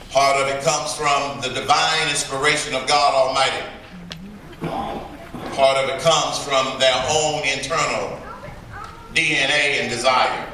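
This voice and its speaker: A man giving a commencement address in a large hall, deliberate and emphatic with dramatic pauses and playful phrases. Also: fairly high pitch, sharp tone, a little hiss or hum. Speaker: commencement speaker. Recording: echoey hall from far off.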